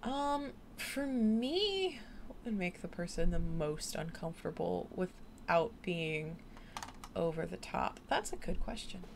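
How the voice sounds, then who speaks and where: A woman's voice: on the low side, lively intonation, slow pace, gravelly, a little hiss or hum. A tired woman streamer chatting late at night, rambling and giggly with lots of fillers. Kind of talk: late-night casual chat.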